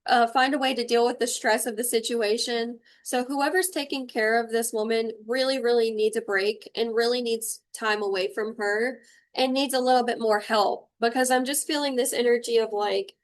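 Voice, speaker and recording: Blunt, emotional woman doing a tarot reading. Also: on the high side. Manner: emotional, blunt, swears freely. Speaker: intuitive tarot reader. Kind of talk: livestream spiritual reading.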